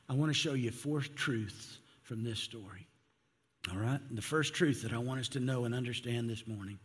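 A man's voice: mid-range voice, breathy edge. A male pastor preaching a sermon in an earnest, conversational way. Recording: long hall reverb.

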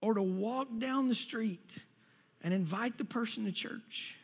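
A man preaching a sermon as pastor, talking in an animated, folksy way and repeating key phrases. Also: high-pitched, measured pace, breathy edge. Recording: long reverb of a large hall.

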